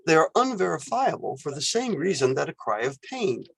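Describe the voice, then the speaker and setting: A man's voice: a little high, very animated, normal speed, vocal fry. A man lecturing on philosophy, explaining ideas step by step and acting out example phrases with exclamations. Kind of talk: recorded university lecture.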